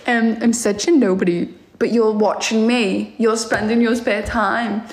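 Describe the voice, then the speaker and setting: A woman's voice: a little high, a little mellow. A young woman streaming live, reading out chat comments and answering them with teasing, sarcastic remarks and frequent laughter.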